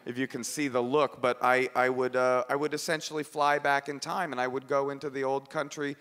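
A man from Oakland performing an animated, ironic stand-up set, then chatting as a guest on a radio show. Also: mid-range voice, in a large hall. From Oakland, USA. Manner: animated, quick, ironic storytelling.

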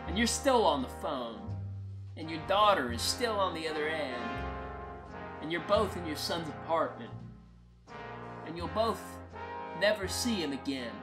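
A storyteller in a slow, poetic spoken-word style, blunt and profane in their phrasing. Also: medium pitch, very animated, over music.

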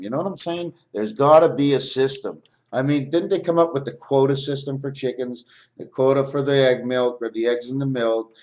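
A man's voice: medium pitch, a little mellow. A man vlogging a rambling spiritual monologue, jumping between topics and swearing.

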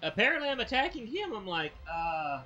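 A man hosting a let's play, giving excitable commentary that stammers and bursts into frustrated yelling. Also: high-pitched, fairly quick. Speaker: gaming channel host. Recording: dull lo-fi sound with game music. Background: game music.

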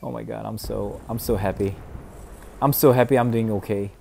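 Excitable young male game streamer. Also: on the low side, normal speed, creaky, slight background noise. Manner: excitable, chatty, laughs often, swings from mumbling to loud cheering. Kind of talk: casual live gameplay commentary.

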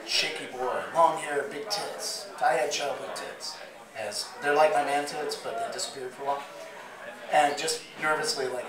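A man with a slightly hoarse voice telling a rambling, profane story live on stage. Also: a little high, fairly even intonation, normal speed. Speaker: spoken word performer. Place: bar or club stage. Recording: roomy live recording from far off. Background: crowd murmur.

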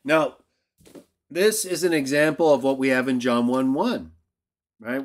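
A man's voice: mid-range voice, unhurried, pauses often. A man teaching a Bible lesson in a video, argumentative and emphatic, who keeps checking in with "right?". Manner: emphatic outbursts. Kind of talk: lecture-style video commentary.

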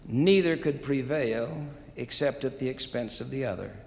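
A church leader telling a parable in a measured, deliberate sermon at a conference in a large assembly hall. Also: male voice, medium pitch, gravelly, a little mellow. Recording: long hall reverb, faint noise.

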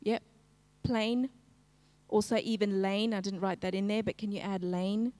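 A woman teaching a live-streamed phonics lesson, slowly segmenting each sound in a word and prompting the class to join in. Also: medium pitch, fairly even intonation, mellow, long reverb tail. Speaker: literacy teacher.

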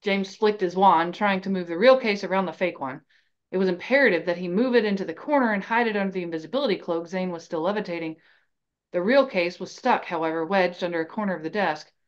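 A woman podcast host reads a fan novel aloud, her storytelling even and steady. Her voice is lowish and fast, and the recording sounds slightly dull.

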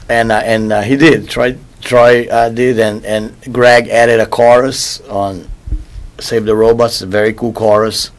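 A man's voice: mid-range voice, level tone, measured pace. A man talking loosely about his band's album in an interview, repeating words as he searches for them. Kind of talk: casual interview talk.

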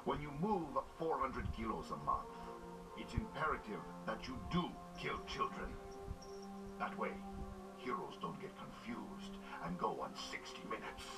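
Game villain drug lord, coldly calm and sneering, voiced by a man; distant, music-heavy audio. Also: mid-range voice, a little slow, close to an everyday voice. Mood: menacing. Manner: calm, sneering, drops to a hushed threat. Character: cold cruel male drug lord, calm menace. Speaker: video game character.

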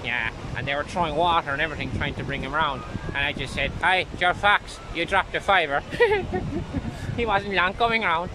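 A man's voice: fairly high pitch, moderate pace, lightly acted. An actor playing a vain young man gossiping and mocking people at the beach. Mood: gossipy. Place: outdoors at a windy beach. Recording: wind and waves noise. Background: wind and surf.

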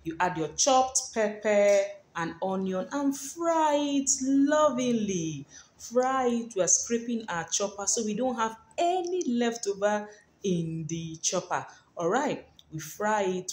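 Woman, cooking-show host, playful and chatty with viewers, mid pitch, echoey room. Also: big pitch swings, takes it slowly. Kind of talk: cooking demonstration vlog. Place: home kitchen.

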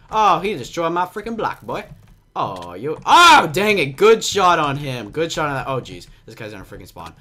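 A young man giving excitable, jumpy commentary on a game, with a slight cough and frequent yelps and laughs. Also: fairly high pitch, moderate pace. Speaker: gaming commentator. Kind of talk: casual Minecraft gameplay commentary.

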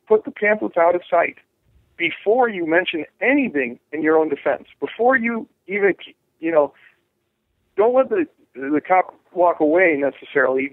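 A man's voice: fairly high pitch, dry recording. A man being interviewed as a jury rights activist, talking animatedly, restarting phrases and acting out the voices of others. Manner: animated, acts out quoted voices, many restarts. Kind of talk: interview over phone. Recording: tinny phone line.

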